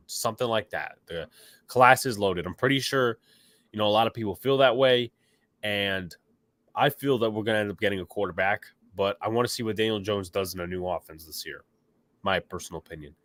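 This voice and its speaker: A man's voice: fairly low pitch, brisk, fairly bright tone, no room sound. A man hosting a casual sports podcast, opinionated and rambling, with a stuffy nose, reacting to chat comments. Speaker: podcast host.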